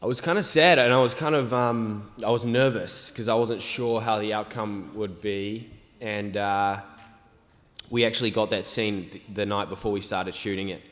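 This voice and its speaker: A young man, an actor guest, answering fan questions on a convention panel in a relaxed, rambling way full of fillers. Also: lowish voice, normal speed. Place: large convention hall stage. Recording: reverberant convention hall.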